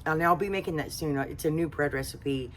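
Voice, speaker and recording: Low-voiced Southern woman, chatty. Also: brisk, a bit bright, slight background noise. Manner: chatty, rambling, many fillers. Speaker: home cooking channel host. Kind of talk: casual talk to camera.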